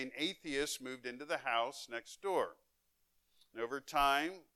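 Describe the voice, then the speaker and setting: A man pastor preaching a sermon, with emphatic delivery that swings between loud and soft and between fast and drawn out. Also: mid-range voice, clear, resonant tone, dry recording. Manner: emphatic preaching with wide swings in loudness and pace.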